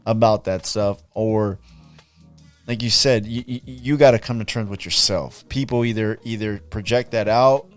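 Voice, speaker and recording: A male podcast host talks casually in a somewhat low voice. He often stumbles and repeats words as he starts a thought. Faint music plays underneath. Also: normal speed. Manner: relaxed, stammering restarts. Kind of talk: casual interview chat.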